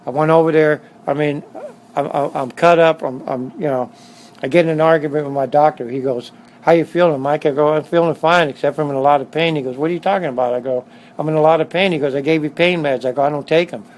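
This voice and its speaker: In a casual interview at his motorcycle shop, a middle-aged man with a Southern Californian accent tells stories bluntly and streetwise, repeating himself for emphasis. His voice is on the high side with fairly even intonation, he talks fast, and the recording is rough.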